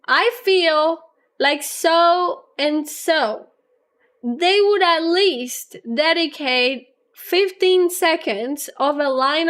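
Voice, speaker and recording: A young adult woman streamer chatting casually with her live chat, rambling on at length and laughing often, a little low on energy. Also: a bit bright. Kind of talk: casual livestream chat, reading chat aloud.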